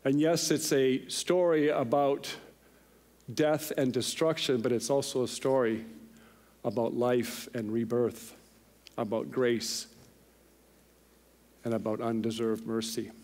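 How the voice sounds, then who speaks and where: A middle-aged man preaching a sermon in a church, telling a personal story with lively, animated delivery and voicing the people in it. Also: mid-range voice, slow pace, pauses often. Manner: animated storyteller, voices others in the tale. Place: church sanctuary.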